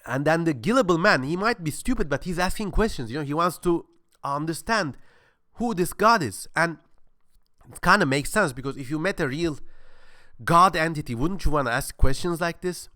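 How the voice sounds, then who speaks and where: A man's voice: fairly high pitch, animated, moderate pace, fairly bright tone, no room sound, studio quality. A man presenting a casual history talk, rambling with many fillers and crude humor, with a sore throat.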